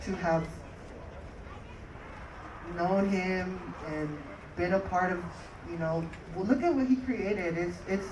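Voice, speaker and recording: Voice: medium pitch, slow, pauses often, reverberant, background noise. Speaker at memorial, hesitant, repeated words, distant mic, faint crowd ambience. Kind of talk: halting heartfelt tribute. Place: outdoor skatepark crowd gathering.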